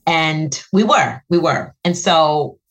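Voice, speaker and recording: Low-voiced woman telling a personal story. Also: slow pace. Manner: earnest, animated, rises sharply when reliving moments. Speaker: guest, author.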